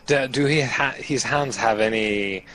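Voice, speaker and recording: A man playing a tabletop game, relaxed and halting as he talks. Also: medium pitch, slight background noise. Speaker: player. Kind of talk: casual tabletop play.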